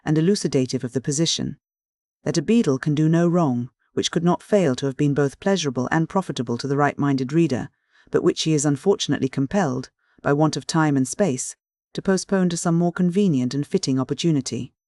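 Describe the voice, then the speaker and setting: A man narrating a classic novel in a formal, measured reading style, close to the microphone. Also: on the high side, a little mellow, dry recording. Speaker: audiobook narrator. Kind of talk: scripted narration.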